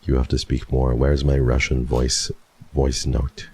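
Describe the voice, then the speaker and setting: A man streaming live, chatting casually with his viewers in a relaxed, chatty way and often breaking into soft laughs. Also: a bass voice, unhurried, breathy edge. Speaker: VTuber streamer.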